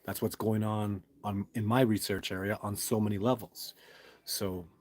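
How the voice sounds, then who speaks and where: A man's voice: fairly low pitch, steady tone, normal speed, darkish tone, slight background noise. A man hosting a casual livestream, rambling with restarts as he reads viewer comments and answers in an emphatic, certain way. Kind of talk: casual live chat.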